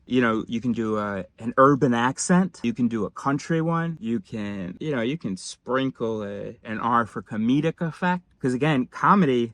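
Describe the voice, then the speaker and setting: A man giving a sardonic, rambling satirical monologue at his screen, switching suddenly between low mutters and louder bursts. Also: no echo. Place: home desk, recording his screen.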